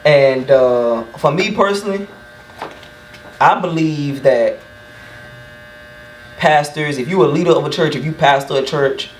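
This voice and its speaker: A man's voice: fairly high pitch, unhurried, pauses often, slight background noise. A young man, a barber hosting a podcast, earnestly laying out his personal views in casual chat and often asking "you know what I'm saying". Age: young adult. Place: shop room. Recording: roomy sound from a distant mic.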